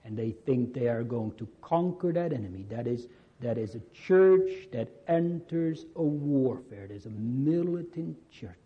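A man preaching a sermon to a congregation, earnest and slow, repeating key phrases. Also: medium pitch, expressive, husky, dull audio.

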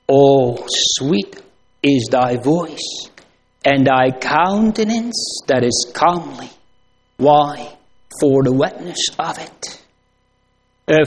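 A man preaching a sermon in a slow, drawn-out, old-fashioned cadence that rises into sing-song emphasis on repeated phrases. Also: fairly high pitch, a little hiss or hum.

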